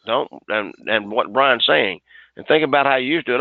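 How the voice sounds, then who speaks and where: A man's voice: mid-range voice, creaky, no room sound. Man coaching sales over a tinny line. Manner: energetic, halting restarts, acts out dialogue. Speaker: sales trainer. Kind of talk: coaching a group on a webinar. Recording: dry, tinny phone-like line.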